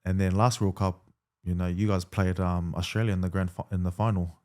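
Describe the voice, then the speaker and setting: Rugby league player guest, 30s man, deep voice, easygoing storytelling with fillers. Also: brisk. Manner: relaxed, lots of fillers and quoted dialogue. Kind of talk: casual storytelling interview.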